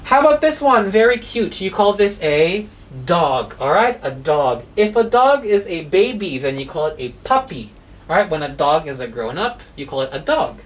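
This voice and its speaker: A woman's voice: fairly low pitch, very animated, moderate pace, recorded from a distance. A woman teaching a children's phonics lesson, spelling out animal names letter by letter and asking the kids questions.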